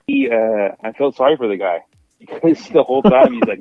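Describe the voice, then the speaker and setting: A man co-hosting a podcast who retells film scenes with energy and acts out the characters in quick voices. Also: mid-range voice, sing-song, dull audio, slight background noise. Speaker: podcast co-host. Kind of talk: casual film review chat.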